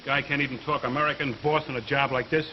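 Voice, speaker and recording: A man's voice: medium pitch, steady tone, quick pace, natural voice. An actor playing an easily led American workman who talks hesitantly and stammers. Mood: griping. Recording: muffled 1950s television recording.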